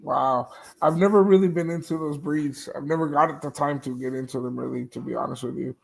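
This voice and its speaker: A man's voice: on the high side, steady tone, fairly quick, vocal fry. A man, a dog breeder, talking casually about his dogs and litters, laughing easily and trailing off mid-sentence. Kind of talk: casual chat.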